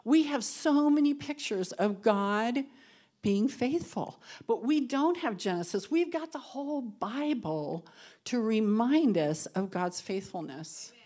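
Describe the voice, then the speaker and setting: This women's Bible study speaker has a high-leaning, animated voice and takes her time. Her earnest, conversational devotional talk finishes with prayer, and she is sometimes emotional and close to tears, laughing through them while swinging between soft and loud delivery.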